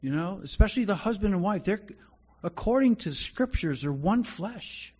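A man preaches to his congregation in an earnest, conversational way, often circling back to restart a thought. His voice is dark and slightly husky, and the recording sounds dull and muffled. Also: high-pitched, expressive, normal speed. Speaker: pastor. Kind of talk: sermon.

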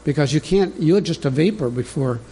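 Mellow-voiced male pastor preaching. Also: a little high, expressive, fairly quick, a little hiss or hum. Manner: conversational, teaching from an outline, talks directly to the congregation. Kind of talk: sermon.

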